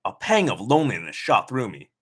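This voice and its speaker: A man's voice: fairly low pitch, huge pitch swings, a little fast, fairly bright tone, breathy edge. A man reading a novel aloud and breaking off for sarcastic comments on the text. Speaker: reader.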